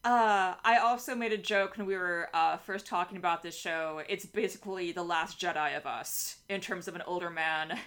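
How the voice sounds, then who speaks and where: Animated chatty woman co-host. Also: fairly low pitch, moderate pace, hardly any pauses. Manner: animated, frequent laughs and "like" fillers. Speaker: podcast co-host. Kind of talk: casual chat.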